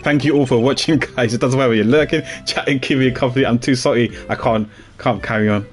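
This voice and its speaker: A male streamer playing a story game, reacting aloud in a playful, animated way. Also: mid-range voice, quick pace, faint music behind.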